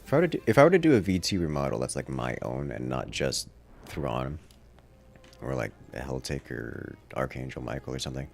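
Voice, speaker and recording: A man with a very deep, gravelly voice and a Southern accent, rambling through casual livestream chat with wry, self-deprecating asides. His pitch swings in a lively way, and faint music plays behind him. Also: a little fast. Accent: generic Southern US. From Southern United States. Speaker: livestream gamer.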